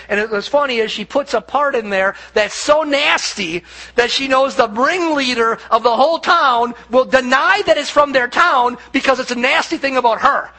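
Sex: man. Role: pastor. Style: conversational sermon. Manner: restarts, emphatic repeats. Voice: high-pitched. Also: bright, forceful tone, poor audio. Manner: conversational storytelling, frequent restarts and emphatic repetition.

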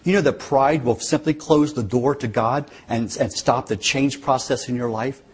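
A man's voice: medium pitch, normal speed, slightly rough. A man preaching a sermon, telling the story earnestly and dramatically, with changing emphasis.

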